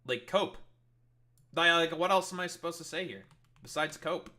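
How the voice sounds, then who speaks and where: Male streamer, fairly high and very bright, cutting voice; swears freely, sarcastic and exasperated. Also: normal speed. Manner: profane, sarcastic, exasperated ranting. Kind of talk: heated livestream rant at chat.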